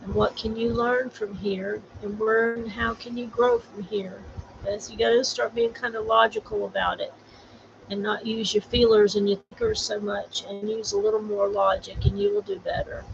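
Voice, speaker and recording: A woman's voice: medium pitch, fairly even intonation, moderate pace, creaky. A middle-aged woman from Florida, earnestly talking about grief and encouraging viewers on a casual livestream. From Florida, USA. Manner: earnest, rambling, preachy encouragement. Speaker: vlogger sharing grief. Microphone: borrowed camera, livestream. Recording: slightly dull livestream audio with faint noise.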